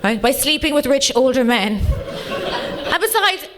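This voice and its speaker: An Irish woman in her late thirties performing a bawdy stand-up set with deadpan punchlines, teasing the crowd. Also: high voice, normal speed. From Ireland. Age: late 30s. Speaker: stand-up comedian. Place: comedy club stage before a live audience.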